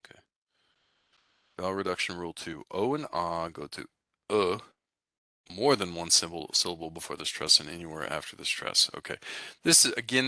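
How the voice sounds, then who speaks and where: Low-voiced, casual male language teacher. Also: pushed and bright, no room sound, clean studio sound. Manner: casual, rambling with fillers and restarts. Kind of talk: recorded class lecture.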